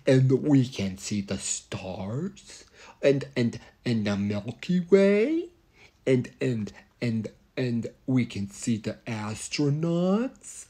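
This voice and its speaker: A man putting on a rambling older male astronaut who talks slowly and keeps repeating words. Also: mid-range voice, very animated, mellow, breathy edge, exaggerated voice. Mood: dreamy. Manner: slow, halting, repeats words.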